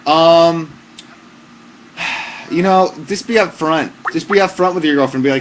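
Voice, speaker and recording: A young man hosting a live stream, handing out mock-serious joke advice in a casual, deadpan way with lots of fillers. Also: on the high side, unhurried, long pauses, a little hiss or hum. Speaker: livestream host giving joke advice. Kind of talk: casual comic livestream chat.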